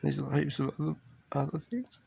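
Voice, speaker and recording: A father telling a tender family story in a halting, rambling way, recorded in an airplane cabin. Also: a little high, expressive, creaky, warm tone, slightly rough. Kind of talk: rambling personal video diary.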